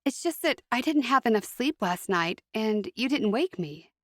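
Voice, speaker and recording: A woman's voice: a little high, animated, normal speed, a bit bright, no echo, studio quality. A woman voicing a peeved young Amish woman who answers in curt, sulky replies.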